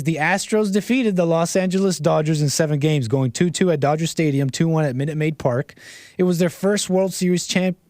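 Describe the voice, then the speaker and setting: Chatty American man, higher voice. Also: no room sound, studio quality. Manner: rambling and animated, laughs often, reads chat aloud. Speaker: livestream host. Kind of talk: casual livestream chat.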